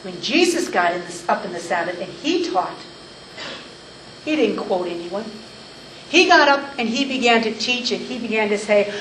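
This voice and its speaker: A woman leads a verse-by-verse Bible teaching, leaning on key phrases and stretching them out for emphasis. Her voice sits somewhat high, and she sounds a little off-mic in an echoey room with a faint hum of ambience behind her. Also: expressive, moderate pace, fairly bright tone, distant mic.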